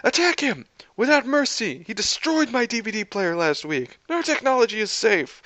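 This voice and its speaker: A man voicing a manic, cackling male inventor who shouts theatrical battle cries at his robots. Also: very high-pitched, big pitch swings, normal speed, no room sound, voice pushed up, heavily acted.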